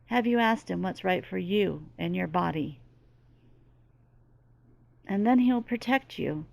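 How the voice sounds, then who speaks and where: A woman's voice: fairly low pitch, animated, slow pace, gravelly. A middle-aged woman speaking as a medium in a channeling monologue, earnest and emphatic, with lots of repetition. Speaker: spiritual medium.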